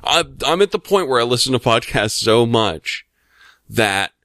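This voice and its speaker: A man's voice: medium pitch, very animated, normal speed, fairly bright tone, dry recording, clean studio sound. A man from the United States in casual chat, rambling and swearing, full of fillers and restarts. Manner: rambling, profane, lots of fillers.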